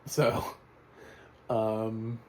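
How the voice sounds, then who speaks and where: A man's voice: on the low side, flat delivery, very slow, a little mellow, slight background noise. A man giving a casual spoken TV recap, rambling and blunt, with fillers and restarts and the odd swear word. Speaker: TV reviewer.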